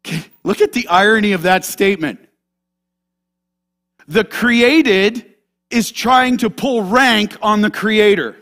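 A man pastor preaching a sermon to a congregation, animated and direct, moving between loud emphasis and hushed asides. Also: high-pitched, takes it slowly, pauses often. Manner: animated, talks straight to the congregation.

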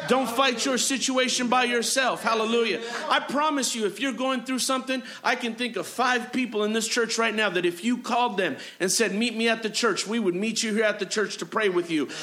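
A man's voice: extremely high pitch, a little fast, hardly any pauses, bright, forceful tone. A man preaching a sermon as pastor, driving his points with repeated phrases and frequent amens and hallelujahs. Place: church sanctuary.

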